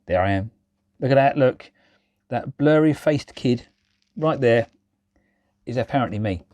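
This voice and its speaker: A man's voice: mid-range voice, expressive, a little slow, a little mellow, dry recording. Rambling self-mocking man vlogging. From England. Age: 40s. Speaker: railway vlogger. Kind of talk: casual chat to camera.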